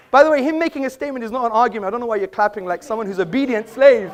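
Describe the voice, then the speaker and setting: A man's voice: very high-pitched, rapid-fire, hardly any pauses, some chatter behind. A man giving a live debate speech in an auditorium, arguing his points and adding mocking asides. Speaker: debate speaker. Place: auditorium, before an audience.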